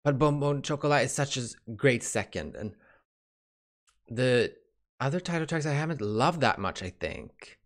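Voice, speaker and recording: A young man making a K-pop reaction video, a little out of breath, excitable and swearing, gasping and exclaiming as he talks. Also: mid-range voice, moderate pace. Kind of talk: casual reaction commentary. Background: music playing faintly.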